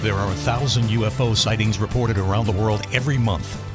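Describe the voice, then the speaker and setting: A man's voice: fairly low pitch, steady tone, a little fast. A man reading a scripted, dramatic show intro as the announcer. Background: music.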